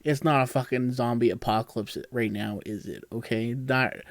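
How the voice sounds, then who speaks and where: A man's voice: mid-range voice, fairly even intonation, normal speed, no room sound. Young guy, rambly podcast co-host, dry sound. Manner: rambling, many fillers. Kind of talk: casual chat.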